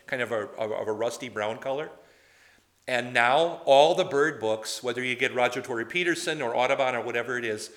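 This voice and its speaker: A male preacher with a bright, forceful tone, talking through a sermon in a loose, conversational way. He wanders off on side points and keeps turning to the congregation with questions. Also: mid-range voice. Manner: chatty and digressive, quizzing the congregation.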